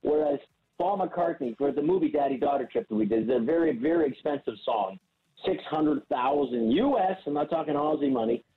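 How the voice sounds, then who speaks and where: A man's voice: fairly high pitch, expressive, fairly quick, narrow, tinny audio. A man on a podcast as a guest, telling a rambling story with stammering restarts. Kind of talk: casual storytelling.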